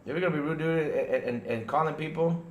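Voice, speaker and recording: A man hosting a casual gaming podcast stream, animated and talking straight to his viewers, often checking in with "right?". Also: fairly high pitch, fast, reverberant, lo-fi sound, slight background noise. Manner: animated, talks to chat viewers, lots of "right?" and restarts. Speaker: podcast host. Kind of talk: casual livestream podcast chat.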